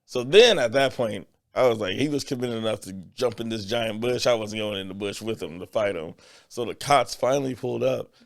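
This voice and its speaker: Gravelly man telling a story. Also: mid-range voice. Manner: animated storyteller, acts out quotes. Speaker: podcast co-host. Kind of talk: casual chat.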